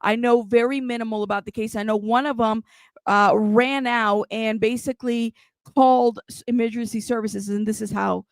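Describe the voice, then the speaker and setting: A woman's voice: on the high side, steady tone, normal speed, dry recording. A woman hosting a true crime news livestream, chatty and a bit out of breath, greeting her chat. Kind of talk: casual livestream commentary.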